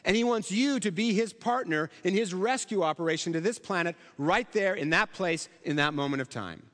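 A man's voice: high voice, expressive, normal speed, a bit bright, long reverb tail. A middle-aged male pastor preaching a sermon in a conversational, storytelling way with rhetorical questions.

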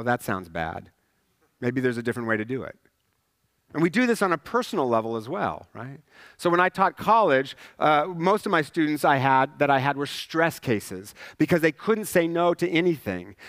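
A male pastor delivers a sermon in a casual, conversational manner and keeps checking in with the listeners. His voice is a little higher than most men's. The sound is dry and close, with no room echo. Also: fairly bright tone. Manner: conversational, asks "right?" often, acts out characters.

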